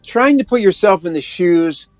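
A middle-aged pastor talks in a relaxed, upbeat way, his voice sitting a little high for a man. He slows right down whenever he reads scripture aloud. The sound is close and dry, with no room echo. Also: soft background music. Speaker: pastor and worship leader. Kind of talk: casual podcast advice.

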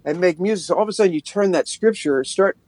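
A middle-aged pastor talks in a relaxed, upbeat way, his voice sitting a little high for a man. He slows right down whenever he reads scripture aloud. The sound is close and dry, with no room echo. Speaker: pastor and worship leader. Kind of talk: casual podcast advice.

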